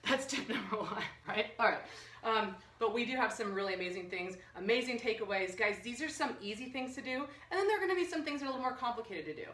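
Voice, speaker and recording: A woman's voice: a little high, roomy sound, recorded from a distance. Bubbly woman hosting a live health class. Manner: bubbly, energetic, jokey. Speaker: nutritionist host. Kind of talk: live online health workshop. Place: room under bright lights.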